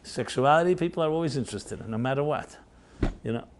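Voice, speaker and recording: A man's voice: medium pitch, lively intonation, fast talker, noisy background. A man, a rabbi, telling a story to a workshop audience in a loose conversational way, full of fillers, chuckles and tag questions. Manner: anecdotal, chuckling, filler-heavy.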